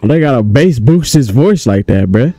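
A man giving casual, animated let's-play commentary on a horror game, chatting to his viewers in slang. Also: medium pitch, normal speed, no echo, soft background music. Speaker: gaming YouTuber.

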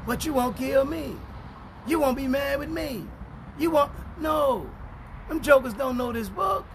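A man preaching as a pastor in a street-style Bible teaching, swinging between low mutters and shouted bursts and reading scripture slowly and emphatically. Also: a little hiss or hum.

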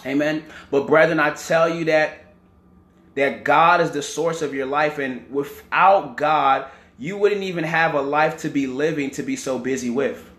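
A man's voice: fairly high pitch, a little slow, fairly bright tone, echoey room. A man preaching a teaching sermon, often repeating words and checking in with "right?" and "amen".

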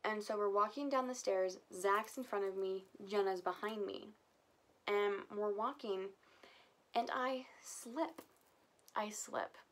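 A woman's voice: medium pitch, slow. A young woman vlogger telling a casual storytime, chatty and full of filler words. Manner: chatty, heavy use of filler "like".

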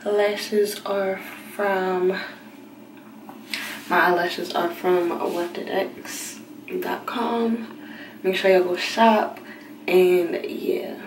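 A young woman vlogger talking casually at night in a hushed, half-whispered voice so she won't wake anyone, recording on a handheld phone in her bathroom. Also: on the low side, fairly even intonation, very slow, pauses often, background noise. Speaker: beauty vlogger. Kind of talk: late-night casual vlog. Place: bathroom at home. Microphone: handheld phone camera. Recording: roomy, slightly distant phone audio.

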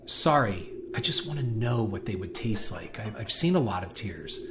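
A man's voice: on the low side, expressive, normal speed, close to an everyday voice. A man voicing an eerie, curious teenage girl with a sickly sweet, slightly raised tone. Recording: noisy hiss behind voice.

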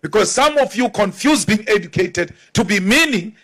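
A man giving a forceful, defiant political speech. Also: sits high, expressive, normal speed. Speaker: politician addressing a crowd.

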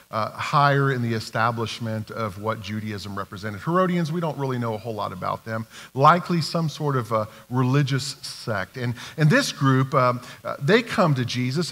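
A man preaching a sermon as pastor, animated and acting out the voices of the people he quotes. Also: medium pitch, big-room sound. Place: church sanctuary.

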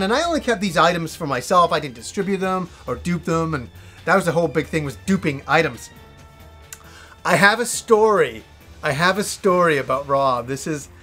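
A man reviewing a video game as the host, telling old memories in an excitable, profane, animated way. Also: fairly high pitch. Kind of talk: casual storytelling review.

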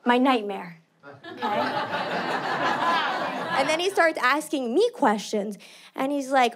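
A young woman from New York City doing stand-up, animated and self-mocking. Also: sits high, slow pace, pauses often, heavy background noise. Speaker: stand-up comedian. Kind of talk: stand-up comedy.

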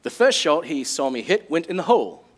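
A man's voice: a little high, very animated, a little fast. A man doing a dry-witted South African golfer. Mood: wry. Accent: put-on South African. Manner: dry storytelling with a punchline. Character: veteran male golfer telling a boast.

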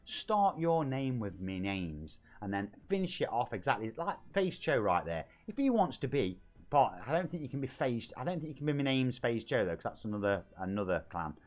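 A Nottingham man in his forties chats on a live game stream from his home setup, reading out viewer messages. He is jokey and laughs a lot, calling everyone mate. His medium-pitched voice swings up and down with lively energy. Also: normal speed. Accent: Nottingham English. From England. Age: 40s.

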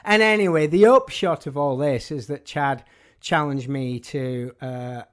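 A man's voice: on the high side, unhurried. A man, a music journalist telling anecdotes in an interview, with a dry, wry humour.

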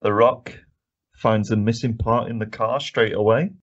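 A man's voice: mid-range voice, steady tone, measured pace. A man co-hosting a casual film review podcast, ranting and swearing often with frequent laughs. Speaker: podcast co-host. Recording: dull lo-fi podcast audio.

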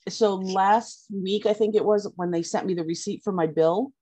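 A woman's voice: medium pitch, normal speed, mellow, breathy edge. A woman chatting on a video call, enthusiastic, with fillers trailing through her stories. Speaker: guest. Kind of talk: casual video-call chat.

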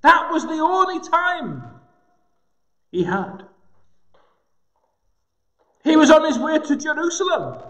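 A man preaching a sermon in a gospel hall, slow and emphatic with dramatic pauses. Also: very high-pitched, very animated, fairly bright tone. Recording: echoey hall with long reverb.

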